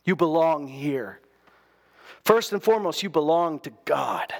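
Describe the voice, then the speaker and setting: Guy with a pretty high voice preaching, chatty sermon, restarts a lot, acts out quotes. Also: expressive, a little slow, gravelly. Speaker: pastor.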